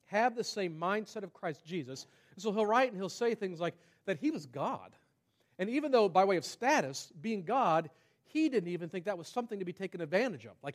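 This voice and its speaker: Male pastor, fairly high-pitched, conversational sermon delivery with emphatic swells and soft asides. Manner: conversational preaching, rising to emphatic peaks and dropping to hushed asides.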